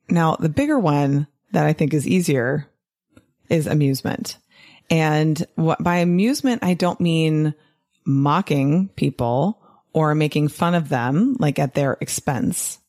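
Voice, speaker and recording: A woman giving an animated, casual monologue to fellow doctors, often tagging her points with "right?" and laughing. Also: deep voice, a little slow. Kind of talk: casual podcast-style monologue.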